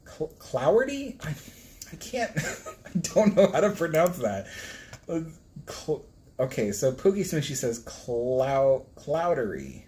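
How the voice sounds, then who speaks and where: A man's voice: medium pitch, lively intonation, takes it slowly, pauses often, darkish tone. A man hosting a casual live stream, flustered as he stumbles over hard pronunciations and laughs at himself. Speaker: livestream host reading a book.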